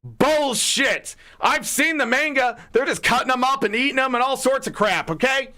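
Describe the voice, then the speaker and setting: A man's voice: very high-pitched, expressive, moderate pace, sharp tone. A man hosting a gaming livestream, ranting heatedly with lots of swearing and rhetorical questions. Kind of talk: casual livestream rant.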